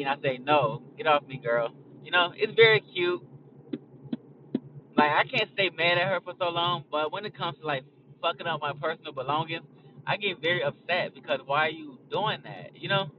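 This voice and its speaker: A man's voice: fairly high pitch, far from the mic, lo-fi sound, background noise. Young man ranting casually from a car. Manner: blunt, profane, rambling. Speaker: podcast host. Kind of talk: casual chat. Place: in a car on a highway.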